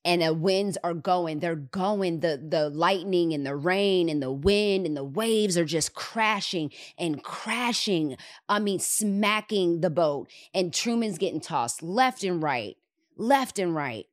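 A woman hosting a podcast, retelling a movie scene in an animated way and repeating words for emphasis. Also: lowish voice, slow pace, no echo, studio quality. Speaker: podcast host. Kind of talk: retelling a movie in casual chat.

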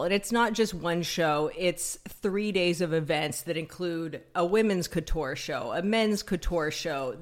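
A woman co-hosting a podcast in casual chat, dry and witty, with lots of "like" fillers. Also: fairly low pitch. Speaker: podcast co-host.

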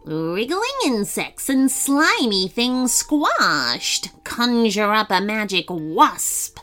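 A woman voicing a wicked female witch who chants her spells in slow, gloating, sing-song rhymes. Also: mid-range voice, big pitch swings, fairly bright tone, faint music behind.

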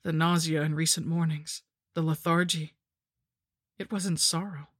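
A woman narrating a horror story in the first person, with a measured, grim delivery. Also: low voice, fairly even intonation, dry recording, studio quality. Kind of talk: scripted narration.

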